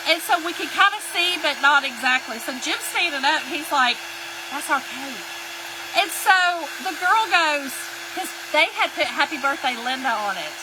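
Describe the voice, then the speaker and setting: A woman's voice: high-pitched, expressive, moderate pace, hardly any pauses. A woman, telling a folksy story in a chatty way while she crafts and greets viewers during a live stream. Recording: hair dryer noise in background.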